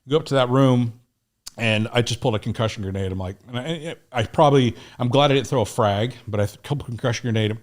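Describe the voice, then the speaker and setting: A man's voice: on the low side, a little fast. A middle-aged American man telling a war story in a podcast interview, casual and profane, acting out what people said. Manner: animated, profane war storytelling, acts out quotes. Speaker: guest.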